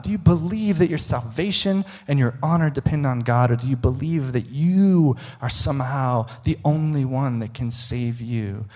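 A man preaching a sermon as a pastor, earnest, often dropping soft and low to stress a point.

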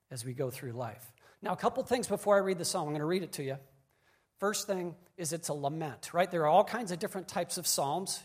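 High-voiced pastor preaching emphatically. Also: male voice. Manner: emphatic, repeats key phrases. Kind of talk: sermon.

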